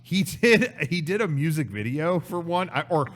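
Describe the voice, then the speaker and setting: A man's voice: fairly high pitch, expressive, moderate pace, fairly bright tone. Laid-back man hosting a call-in stream. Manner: laughing, rambling with restarts. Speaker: stream host. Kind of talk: casual call-in chat.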